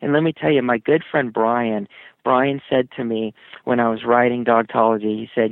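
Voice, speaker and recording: A man being interviewed as an author, telling stories with frequent laughs and lively shifts in tone. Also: normal speed, gravelly, no echo. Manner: animated storyteller, laughs often, puts on high doggy voices. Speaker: author guest. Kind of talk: interview over the phone. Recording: tinny phone line.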